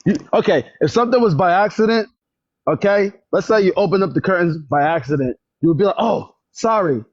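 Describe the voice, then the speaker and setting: A man in a library venting on a phone livestream, telling a story with lots of repetition and getting loud when upset. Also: sits high, quick pace, dry recording, dull audio. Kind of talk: casual livestream chat. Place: public library.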